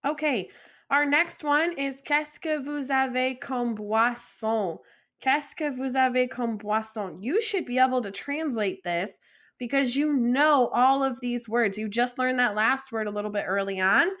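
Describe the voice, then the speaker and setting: A young adult woman teaching French vocabulary in a patient, encouraging lesson, modeling pronunciation slowly and asking learners to repeat. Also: on the high side, fairly bright tone. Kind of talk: slow, deliberate vocabulary lesson with repeat-after-me drills.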